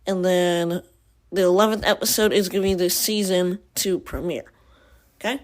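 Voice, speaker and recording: A woman hosting a casual podcast, thinking out loud with rambling asides. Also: on the low side, moderate pace. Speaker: podcast host. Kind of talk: casual chat.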